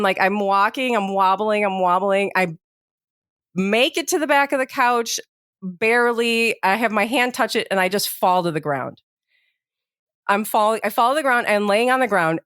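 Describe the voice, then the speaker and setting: A woman's voice: mid-range voice, dry recording. Woman, podcast co-host, casual storytelling, lots of filler words, dry close mic. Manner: animated storyteller, many fillers like "like" and "you know".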